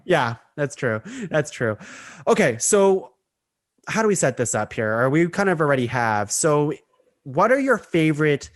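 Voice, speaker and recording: A young man hosting a relaxed podcast conversation, with a lively voice that rises and falls a lot. He is chatty and laughs easily. He often breaks off and restarts his sentences as he thinks aloud. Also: on the high side, moderate pace, no echo, clean studio sound. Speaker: podcast host. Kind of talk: casual podcast chat.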